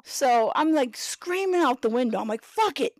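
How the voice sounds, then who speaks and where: A woman hosting a podcast, telling a story in a casual, animated way, acting out voices and laughing often. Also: sits high, moderate pace, dry recording. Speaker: podcast host.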